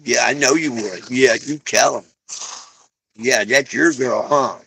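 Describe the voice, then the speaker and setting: A man's voice: measured pace, gravelly, breathy edge. A man chatting casually on a live stream from home, talking to viewers and cooing at his dogs. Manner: coos softly at his dogs in a lower voice.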